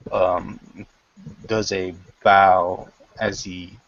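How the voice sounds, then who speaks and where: A man narrating a tabletop role-playing game as game master, halting often with fillers and restarts, on a dull lo-fi recording. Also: low-pitched, little pitch movement, fairly bright tone, no echo.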